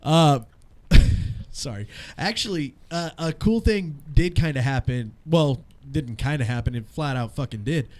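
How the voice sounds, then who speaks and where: A man's voice: on the high side, unhurried. Profane, laughing thirties man telling stories. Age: 30s. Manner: profane, laughing, animated storyteller. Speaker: radio show co-host. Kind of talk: casual podcast banter.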